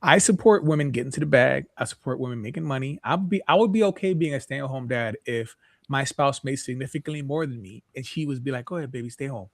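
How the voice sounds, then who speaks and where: A man's voice: mid-range voice, fast talker, gravelly, dry recording, studio quality. A man co-hosting a podcast in casual chat, talking emphatically and asking repeated rhetorical questions. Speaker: podcast co-host.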